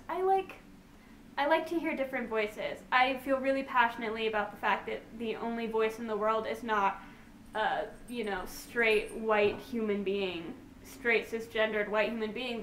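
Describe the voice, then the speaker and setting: A young woman with a fairly high voice chats in a bubbly, gushing way, rambling through fillers and restarts. She sounds a little distant from the mic, in an echoey room with a faint hiss behind her. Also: fairly bright tone. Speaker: book vlogger. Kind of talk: casual book haul chat.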